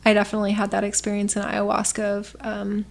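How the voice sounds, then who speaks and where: A woman's voice: medium pitch, quick pace, vocal fry. A young adult woman hosting a podcast, chatting casually and laughing often, with plenty of "like" in her speech. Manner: lively, laughs often, peppered with "like". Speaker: podcast host. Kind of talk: casual conversation.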